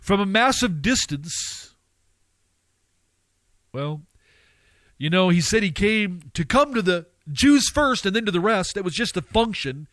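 A man delivers a fervent sermon in a fairly high voice, recorded close and dry with no room sound. He keeps asking his listeners questions and climbs into urgent, pleading bursts. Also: lively intonation, measured pace, pauses often, fairly bright tone, no room sound. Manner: impassioned, surging to fervent high-pitched pleading. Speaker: preacher. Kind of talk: radio sermon.

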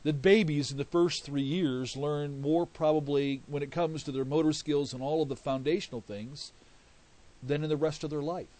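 A man's voice: fairly high pitch, steady tone, moderate pace, darkish tone. A middle-aged man preaching a sermon with passion, repeating phrases for emphasis and swelling in volume on key words. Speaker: pastor.

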